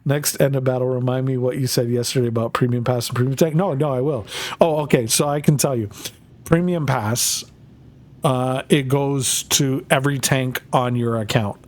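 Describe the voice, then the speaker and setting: A man's voice: mid-range voice, steady tone, moderate pace. A man chatting casually to viewers while he plays a game on a live stream, talking in a loose, rambling way with plenty of swearing.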